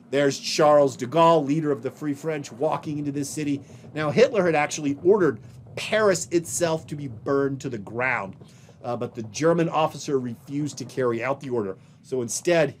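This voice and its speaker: A man lecturing on history in a recorded video lesson, pointing out images on slides behind him and stressing key phrases slowly. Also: mid-range voice, slight background noise.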